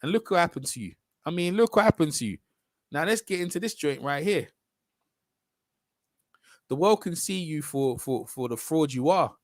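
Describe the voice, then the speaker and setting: A man rants through casual boxing commentary in a voice pitched somewhat high for a man. He mocks and loops back over his points in quick asides. The sound is dry and close to the mic. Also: no echo. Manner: animated, mocking, repeats himself, drifts into quick asides.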